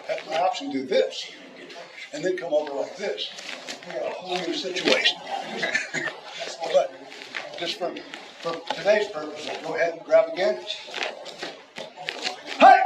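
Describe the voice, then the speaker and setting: Man teaching self-defense, stammers and jokes, slightly high pitch; distant camera, heavy room noise. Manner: joking, repeats words, talks through demonstrations. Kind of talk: teaching a martial arts seminar. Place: large echoey training hall. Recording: echoey hall from far off with loud room noise.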